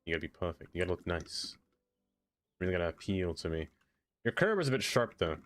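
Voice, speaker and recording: A man's voice: sits low, expressive, fairly quick. A man streaming a game, chatting casually, laughing often and talking to the objects he builds. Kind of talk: casual live-stream chat.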